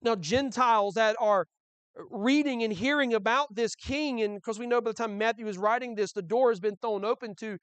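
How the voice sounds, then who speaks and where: A man's voice: extremely high pitch, moderate pace, a bit bright, clean tone, dry recording. A male pastor preaching a sermon in a conversational way, with frequent restarts and rhetorical questions.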